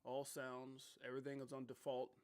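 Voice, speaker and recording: A man hosting a casual livestream, talking straight to his chat in a lively way with some mild swearing. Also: medium pitch, normal speed, clear, resonant tone. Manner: animated, talks straight to chat, swears mildly. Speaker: livestream host. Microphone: desktop microphone.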